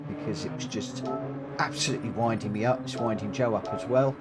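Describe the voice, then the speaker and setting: A man's voice: on the low side, fairly quick, over music. A man chatting casually as he live-streams a racing game, greeting viewers and poking fun at himself, his voice worn from coughing and short of breath. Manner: chatty, self-deprecating, greets chat viewers.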